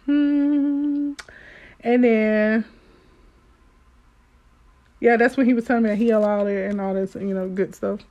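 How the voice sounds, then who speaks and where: Fervent woman preaching, voice set fairly high. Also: fairly even intonation, measured pace, pauses often, dull audio. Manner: emphatic and repetitive, addressing listeners directly; switches between fervent outbursts and quiet asides. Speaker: devotional speaker. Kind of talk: informal spoken devotional.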